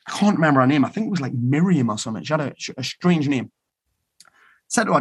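A man's voice: on the high side, animated, quick pace, slightly rough. A man giving a blunt, profane motivational talk to an online summit. He repeats key phrases for emphasis. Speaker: motivational speaker.

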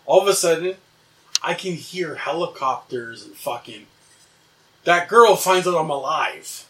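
A man's voice: fairly high pitch, expressive, unhurried, fairly bright tone, distant mic. A young man animatedly telling a wild dream story in casual chat, swearing and laughing as he goes.

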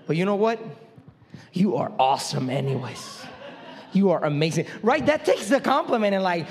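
High-voiced, joking young male pastor. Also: normal speed. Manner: joking, animated, conversational. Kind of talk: sermon.

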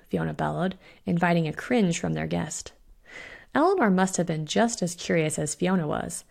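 A woman reading her own short story aloud in a steady, expressive storytelling voice. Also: lowish voice, gravelly. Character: witch Fiona voiced in own voice.

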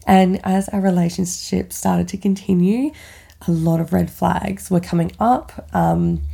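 A woman's voice: lowish voice, creaky, mellow, husky. A woman podcast host candidly telling a personal story in casual chat, swearing freely and filling with "like". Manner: candid, swears freely, chatty with many likes.

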